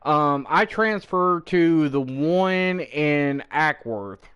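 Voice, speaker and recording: A man on a game stream recounts a story in loose, casual talk, his somewhat high voice swinging widely in pitch. He swears constantly and acts out every quoted line as he tells it. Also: very slow, clean tone. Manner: profane, animated, acts out quoted people in the story. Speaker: gaming streamer.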